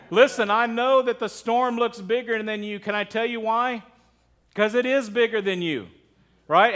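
A man's voice: sits high, fairly bright tone. A middle-aged man preaching as pastor, conversational and often asking his congregation questions. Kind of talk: sermon.

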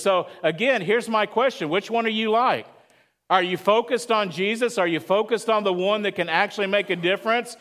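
Male preacher, high voice, conversational, asks the congregation questions, church sermon. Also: moderate pace, a bit bright. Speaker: pastor.

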